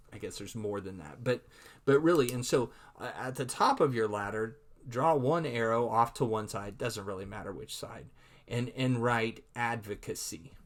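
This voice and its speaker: A male lecturer talks through a recorded online lesson in a loose, conversational way. He often stumbles over and repeats words, and voices his own inner thoughts as he goes. His voice sits at an ordinary middle pitch.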